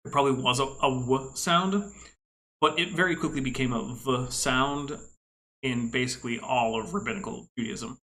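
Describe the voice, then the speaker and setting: A man's voice: mid-range voice, moderate pace, bright, forceful tone, poor audio. A man commenting casually on clips, explaining things at length in an analytical way with frequent asides. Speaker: podcast co-host.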